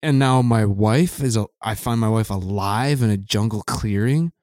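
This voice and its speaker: A man's voice: on the low side, normal speed, darkish tone, no room sound, clean studio sound, close to an everyday voice. A man improvising a weepy, confused widower who rambles and keeps cracking up in a comedy scene. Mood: bewildered. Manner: rambling, breaks into laughter.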